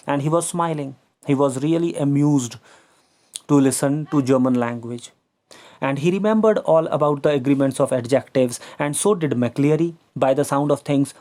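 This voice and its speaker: A man's voice: medium pitch, darkish tone. A man teaching a story lesson, patiently explaining and repeating words, now and then slipping into Hindi. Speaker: English teacher.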